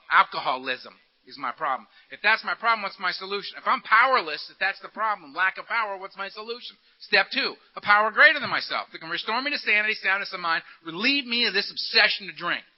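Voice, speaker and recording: High-voiced, punchy recovery speaker, man. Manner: animated, joking, punchy storytelling. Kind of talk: recovery talk with humor. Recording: dull lo-fi recording.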